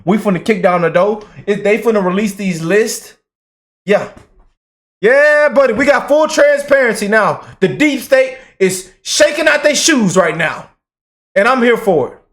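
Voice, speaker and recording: A high-pitched man gives heated, emphatic commentary straight to his audience. He is slangy and worked up, and he keeps calling the viewers family. It sounds like a casual channel vlog. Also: expressive, normal speed. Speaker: political commentary YouTuber.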